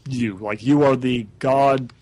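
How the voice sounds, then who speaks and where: A man's voice: mid-range voice, steady tone, takes it slowly, darkish tone, low-quality recording. Rambling male podcast host. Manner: rambling, many fillers. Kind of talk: casual podcast chat.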